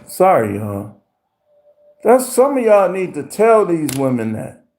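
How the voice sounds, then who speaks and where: A man hosting a livestream, telling stories in a profane, animated rant with voiced impressions. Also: on the high side, slow. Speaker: livestream host. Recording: roomy echo.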